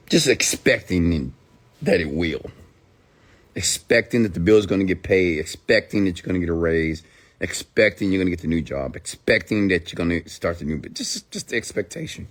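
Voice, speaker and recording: A man delivers a motivational rant in a fairly low voice. He drives his points home by repeating them and keeps asking rhetorical questions. His delivery is emphatic and direct, as if he is speaking straight to each listener.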